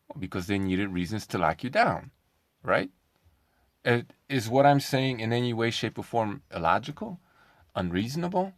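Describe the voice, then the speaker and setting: A man's voice: on the low side, no echo. A man talking in a casual commentary vlog, sarcastic and combative, firing off rhetorical questions. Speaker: online commentator.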